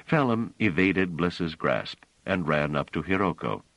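Deep-voiced male audiobook narrator. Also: very animated, a little slow, creaky, fairly bright tone, no room sound, poor audio. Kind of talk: scripted narration.

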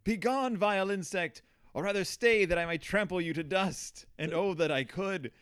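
A man plays a furious young scientist who hurls curses at his creation in high, loud, theatrical bursts. The delivery is old-fashioned and declamatory. The sound is dry and close. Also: moderate pace, smooth, no room sound.

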